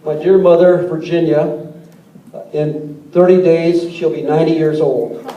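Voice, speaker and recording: A man's voice: on the high side, fairly even intonation, a little slow, muffled recording. A man in his sixties giving a folksy, joke-filled political speech to an audience in a large hall. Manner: folksy, tells jokes, repeats words. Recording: echoey hall, distant mic, crowd noise.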